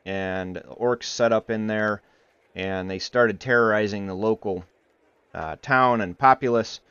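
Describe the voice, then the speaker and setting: A man's voice: fairly low pitch, a little slow, a bit bright, smooth, dry recording. A man from Iowa narrating as game master, rambling with lots of fillers and slipping into playful character voices. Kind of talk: narrating a tabletop game livestream. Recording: muffled livestream audio with faint music.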